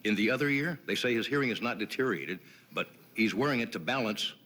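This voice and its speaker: The late-night talk show host here has a fairly low, expressive voice that sounds pushed and bright, and he talks fast. Before a live studio audience, he delivers a monologue of wry jokes and chatty asides to his sidekick.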